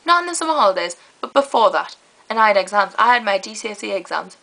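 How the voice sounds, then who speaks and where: A teenage girl, chatting to camera in a rambling, lively way. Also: medium pitch, fast, creaky, low-quality recording. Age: teens. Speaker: vlogger. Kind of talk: casual chat to camera.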